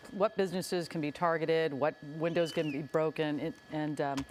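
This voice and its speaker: A woman's voice: sits low, steady tone, normal speed, darkish tone, a little hiss or hum. A woman anchor commenting on live footage, feeling her way through phrases. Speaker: news anchor.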